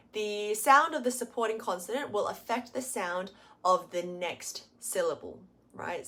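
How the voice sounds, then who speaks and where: A woman teaching a pronunciation lesson, explaining patiently and sounding out model words slowly and clearly. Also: mid-range voice, a bit bright. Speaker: Korean language teacher.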